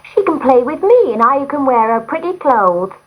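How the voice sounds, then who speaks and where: A woman's voice: high-pitched, big pitch swings, moderate pace, muffled recording, slight background noise, voice pushed up. Woman doing a bold robber girl. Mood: pleading. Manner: eager, pleading. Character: robber's young daughter, bold and pleading. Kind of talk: storybook reading.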